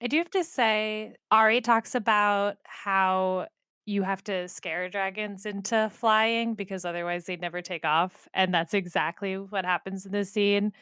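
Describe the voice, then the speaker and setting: A young woman co-hosting a book podcast, talking about the writing in an animated, emphatic, casual way. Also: medium pitch, a little slow, clear, resonant tone, no echo, studio quality. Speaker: podcast co-host.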